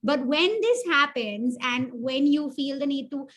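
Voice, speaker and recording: Woman workshop mentor, high voice, conversational and self-mocking, draws the audience in. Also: expressive, a little slow, fairly bright tone. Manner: chatty, self-deprecating, asks the audience questions. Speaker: webinar mentor. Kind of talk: interactive online workshop teaching.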